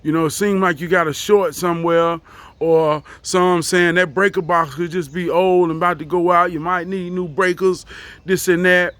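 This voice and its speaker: Casting: man, casual storyteller, a bit higher pitch, dry close sound. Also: steady tone, normal speed, a bit bright, no room sound. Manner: loose, profane, acts out quoted voices.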